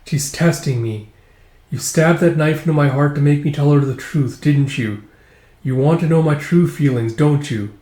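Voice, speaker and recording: A man's voice: a little high, moderate pace, dark tone, close to an everyday voice. A man voicing a weary, dying woman who speaks in a subdued, melancholy way, close to his own voice. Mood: tender. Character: weary adult woman, dying, resigned and tender. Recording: roomy echo.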